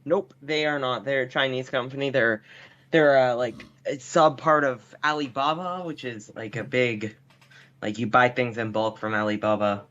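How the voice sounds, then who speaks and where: A man's voice: mid-range voice, steady tone, moderate pace, fairly bright tone. Wry Canadian man on dull call audio. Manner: laid-back, wry, filler-heavy. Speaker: podcast guest. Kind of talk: casual podcast chat.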